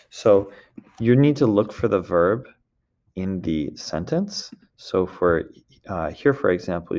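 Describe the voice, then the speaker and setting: A man's voice: sits low, creaky, darkish tone. A man teaching a recorded French lesson, explaining step by step and often checking in with the class.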